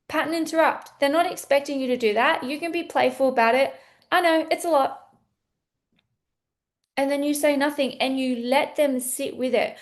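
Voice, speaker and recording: A woman sales coach teaching in a casual, blunt, playful way, acting out bits of sales calls. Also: high-pitched. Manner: animated, blunt, playful, acts out sales dialogue.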